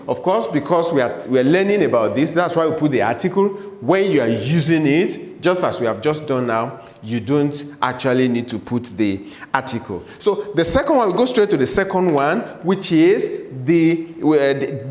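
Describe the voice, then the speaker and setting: A man teaching a German lesson in English, patiently repeating each word slowly for learners in a room with a board. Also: a little high, expressive, a little mellow. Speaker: language teacher. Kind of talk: slow classroom-style German lesson explained in English. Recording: echoey room with long reverb.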